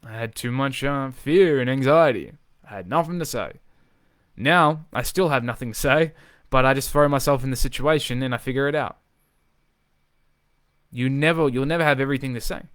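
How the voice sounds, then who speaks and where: A man coaching in a live, unscripted video, talking with energy and driving points home by repeating himself, swearing as he goes. His voice is smooth and resonant at a middling pitch. The sound is dry and close. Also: moderate pace, pauses often, no echo. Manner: energetic, emphatic, swears freely, repeats phrases for emphasis. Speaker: social confidence coach.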